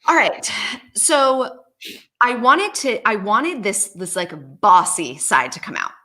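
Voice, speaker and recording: A woman's voice: mid-range voice, big pitch swings, takes it slowly, sharp tone. A woman, an experience designer, talking animatedly on a video call, with frequent laughs and many fillers. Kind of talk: casual video call conversation.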